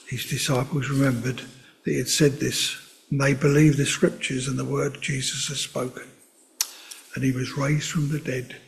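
A man giving a sermon in a gentle, conversational way, with chatty asides to his listeners. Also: mid-range voice, vocal fry. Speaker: preacher.

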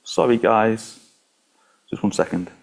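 Male preacher, low voice, relaxed conversational sermon with scripture reading. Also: takes it slowly, creaky, slightly rough. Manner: conversational, with small slips and restarts.

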